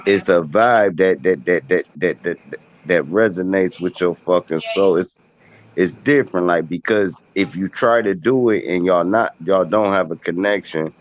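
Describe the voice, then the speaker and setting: A man with a very low voice talks loosely in street slang, full of fillers and restarts. The audio is dull and lo-fi, like a home stream. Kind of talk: casual group chat.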